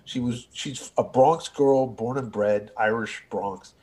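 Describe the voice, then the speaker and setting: A man's voice: medium pitch, slow pace, darkish tone. A man chatting about a movie with a friend, adding facts and behind-the-scenes trivia. He is conversational and often trails off before finishing a thought. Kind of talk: casual film discussion.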